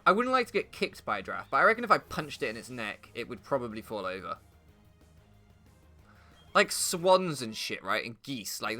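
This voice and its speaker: Animated man ranting over game music. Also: medium pitch. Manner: animated, swearing, laughing at his own jokes. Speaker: gaming YouTuber. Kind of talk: rambling comedic commentary over gameplay.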